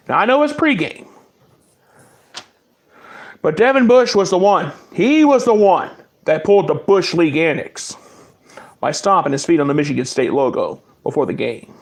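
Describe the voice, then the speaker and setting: High-pitched male podcast host, heated and taunting. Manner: fiery, taunting, repetitive. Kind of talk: solo sports talk rant.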